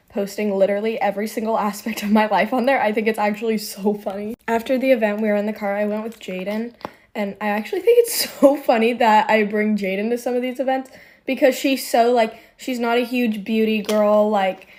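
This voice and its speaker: A bubbly young woman talks through her morning makeup routine in a loose, chatty way, and "like" slips into nearly every sentence. Her voice sits at a middle pitch and comes through close on a phone mic. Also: darkish tone. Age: young adult. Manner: chatty, bubbly, filler-heavy with many "like"s. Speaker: beauty vlogger. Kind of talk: casual get-ready-with-me chat.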